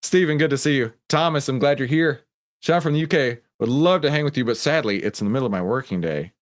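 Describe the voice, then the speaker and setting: A man's voice: mid-range voice, animated, quick pace. A man with a Texan accent hosting a live stream, chatting casually and joking as he greets viewers by name. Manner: laid-back, jokey, greeting chat viewers by name. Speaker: livestream host.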